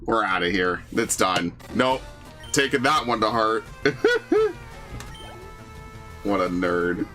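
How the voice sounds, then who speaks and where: A man's voice: medium pitch, pushed and bright. A gaming channel host in casual commentary over his old videos, loose and profane, laughing often.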